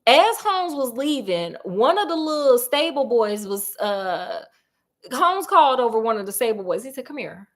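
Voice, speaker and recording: A woman's voice: a little high, very animated, normal speed, a bit bright. A woman casually retelling a classic detective story in a chatty, slangy, joking way, often interrupting herself.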